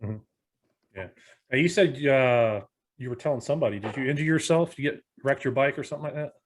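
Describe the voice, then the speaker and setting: A man's voice: mid-range voice, brisk, slightly rough. A man hosting a casual interview, giving brief agreeable prompts and questions. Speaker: podcast host.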